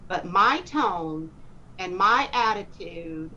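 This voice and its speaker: A woman telling a personal faith story in a rambling, animated way and acting out the dialogue. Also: mid-range voice, slow. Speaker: speaker sharing a testimony. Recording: muffled with faint hiss.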